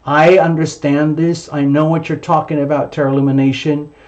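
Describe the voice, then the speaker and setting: A man's voice: fairly high pitch, level tone, brisk, darkish tone, dull audio. A man giving a monthly tarot reading, emphatic and repetitive, sometimes speaking the listener's thoughts aloud. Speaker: tarot reader.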